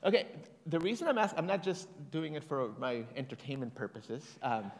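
Conversational preacher in a reverberant hall. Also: male voice, on the high side, very animated, a little hiss or hum. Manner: conversational, with frequent fillers and restarts; reads scripture slowly and deliberately. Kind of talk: sermon. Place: church hall.

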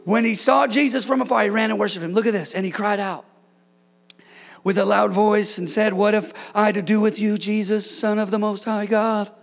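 Gravelly high-pitched pastor guy, preaching loud then joking around, church sermon. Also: fairly even intonation, moderate pace. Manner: preaching with shouted emphasis and playful asides.

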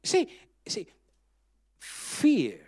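Speaking extremely slowly, a male pastor preaches dramatically and weaves humor into his storytelling. He punctuates the sermon with loud bursts of emphasis, pressing the congregation to respond.

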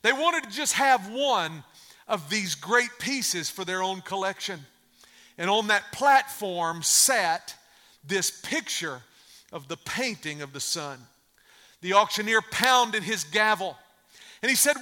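Brief: male pastor, high bright voice, emphatic storytelling with repeated refrains, long church-hall reverb. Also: animated, slow pace. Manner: emphatic, repeats phrases for effect. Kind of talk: sermon with storytelling.

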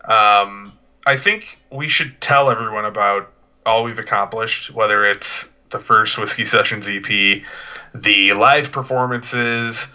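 A man's voice: on the low side, bright, forceful tone, lo-fi sound. A man co-hosting a podcast, chatting in a laid-back, rambling, joking way. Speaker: podcast co-host. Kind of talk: casual chat.

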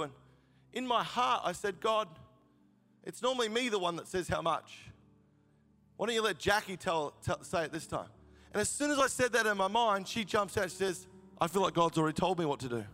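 A man's voice: high-pitched, bright, forceful tone, in a large hall. A man from Australia, preaching a sermon as he tells a personal story in a fervent, storytelling way. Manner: storytelling, grows fervent and emotional. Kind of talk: sermon testimony.

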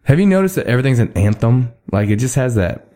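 A man's voice: mid-range voice, very animated, fast, dark tone. A man, hosting a podcast in a rambling, laid-back way and laughing often. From Texas. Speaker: podcast host. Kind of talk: casual chat. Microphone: studio microphone.

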